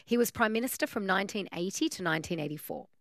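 A woman's voice: mid-range voice, lively intonation, fast talker, creaky, dry recording, clean studio sound. A woman with an Australian accent hosting a radio call-in, upbeat and encouraging with her callers. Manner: upbeat, encouraging, laughs often. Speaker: radio host.

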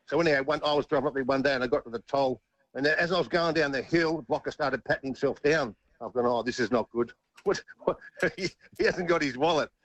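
A man's voice: a little high, fast, fairly bright tone, no echo, highs cut off. A middle-aged man with an Australian accent, a former footballer telling stories in an interview, chuckling and repeating words as he goes. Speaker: interview guest, former rugby league player. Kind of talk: casual storytelling interview.

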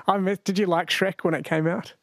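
A man hosts a late-night radio quiz in a chatty, laughing way. His voice sits a little high and sounds dry and close, and he slows down when he reads the questions. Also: steady tone, no echo. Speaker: radio host. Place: radio studio. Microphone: studio microphone.

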